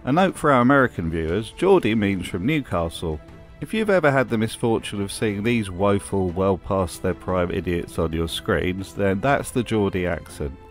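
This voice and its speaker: A man's voice: lowish voice, animated, normal speed, faint music behind. A man narrating a scripted commentary with dry, sarcastic humor. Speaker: video essay host.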